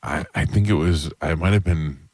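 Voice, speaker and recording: A man's voice: rumbling low, normal speed, a little mellow, no echo, clean studio sound. A man co-hosting a radio show, trading blunt, gossipy stories and mimicking people he has worked with. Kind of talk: casual radio banter. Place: radio studio. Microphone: studio microphone.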